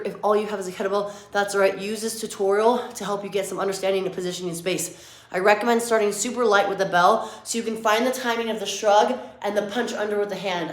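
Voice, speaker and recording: A woman fitness coach with a scratchy voice from allergies, talking through lifts as she demonstrates them and correcting herself along the way. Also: medium pitch. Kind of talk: workout tutorial. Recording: very echoey room.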